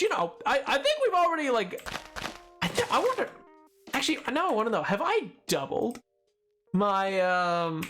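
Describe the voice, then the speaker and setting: A game streamer from Britain talks in a loose, rambling way, cutting themselves off and circling back. The pitch swings widely up and down from one phrase to the next. Clear music plays under the voice through the stream mix. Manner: rambling, playful, self-interrupting. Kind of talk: casual live-stream chat. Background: background music from the stream.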